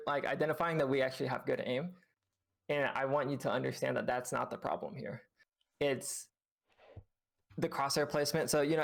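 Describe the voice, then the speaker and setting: Male game coach, gravelly voice, patient, explanatory, filler-heavy delivery. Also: mid-range voice. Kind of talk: reviewing gameplay with a student on stream.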